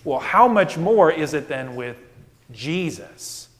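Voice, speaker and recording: A man's voice: a little high, expressive, takes it slowly, big-room sound. A male pastor preaching a sermon, emphatic and full of rhetorical questions.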